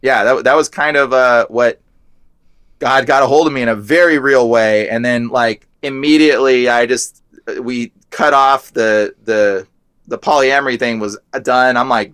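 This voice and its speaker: A man's voice: mid-range voice, normal speed, a bit bright, clean tone, dry recording. A young man telling his story as a guest in a casual chat, rambling and filling his talk with "like". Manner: rambling, heavy use of "like".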